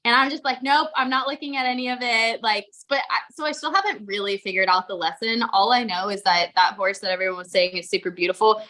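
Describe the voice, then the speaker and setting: A woman's voice: medium pitch, fast talker, few pauses, bright, forceful tone. A young woman co-hosting a podcast, chatting casually with lots of "like" and the odd swear word. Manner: chatty, swears freely, full of likes. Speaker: podcast co-host. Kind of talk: casual chat.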